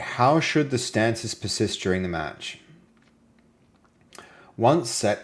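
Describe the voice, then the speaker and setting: An Australian man hosting a live game-development stream, chatting casually and playfully with viewers and sometimes trailing off into low mutters as he reads and works. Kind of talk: casual live-stream chat while coding.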